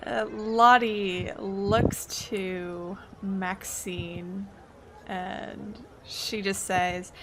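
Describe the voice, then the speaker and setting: Female tabletop player narrating her character deliberately; unhurried, noisy home recording. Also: mid-range voice, steady tone. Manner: slow, deliberate, thinking aloud. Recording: home mic with background noise.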